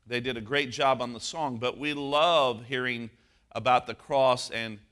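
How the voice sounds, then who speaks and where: A male pastor delivers a sermon, shifting from a personal anecdote into slow, emphatic stress on important words. His voice sits in the middle range with a fairly bright tone.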